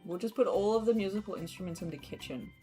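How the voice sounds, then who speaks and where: A young woman with an Australian accent chatting casually while streaming a game, laughing often and filling pauses with ums and likes. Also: mid-range voice, dark tone, soft background music. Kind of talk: casual gameplay commentary.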